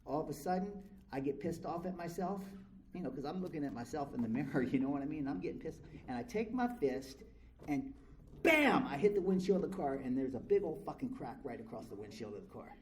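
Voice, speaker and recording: A man's voice: medium pitch, expressive, fast, warm tone, slight background noise, low-quality recording. A middle-aged man from California speaking at a recovery meeting, telling his story to a live crowd in a blunt, frank and profane way. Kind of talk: candid storytelling to a live audience. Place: convention meeting room.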